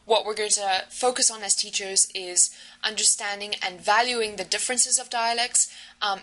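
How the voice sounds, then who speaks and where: A woman's voice: medium pitch, sharp tone, rough recording. A woman lecturer explaining course material in a recorded lesson, with frequent fillers and checking questions. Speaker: university lecturer.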